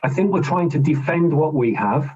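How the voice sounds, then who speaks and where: Man, union official, podcast guest, slightly high voice, repeats and restarts words, dull lo-fi sound. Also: expressive, normal speed, darkish tone, slightly rough. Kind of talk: podcast interview, explaining negotiation tips. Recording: dull lo-fi recording.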